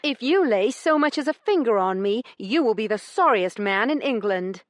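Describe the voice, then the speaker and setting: A woman's voice: a little high, expressive, a little slow, no room sound, clean studio sound, voice pushed up. A woman doing Io, a fiery defiant lady. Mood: indignant. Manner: sharp, indignant retorts. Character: fiery young noblewoman, defiant and quick-tempered. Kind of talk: audiobook character reading.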